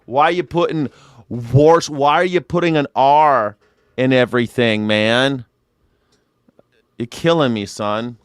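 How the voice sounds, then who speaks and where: A man's voice: medium pitch, a little slow, long pauses, smooth, no room sound, studio quality. A young man hosting a news reaction show, sarcastic and joking, swearing freely. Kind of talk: comedic news reaction commentary.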